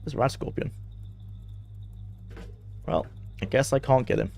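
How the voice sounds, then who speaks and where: A young man chatting loosely as he streams a game, rambling and quick to laugh. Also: medium pitch, gravelly, a little mellow, soft background music. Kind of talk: casual live-stream gameplay commentary.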